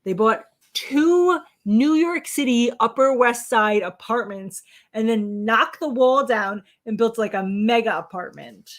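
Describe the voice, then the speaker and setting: A woman's voice: fairly high pitch, expressive, measured pace. Woman cohost on a livestream, teases her cohost, dry, blunt, swears a bit. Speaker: co-host. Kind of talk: casual livestream chat.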